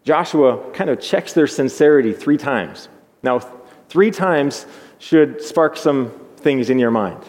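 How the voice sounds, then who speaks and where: A pastor giving an earnest, measured sermon, often repeating words as he thinks aloud. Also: medium pitch, expressive, a little mellow. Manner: earnest, measured preaching with repetitions. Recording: long hall reverb.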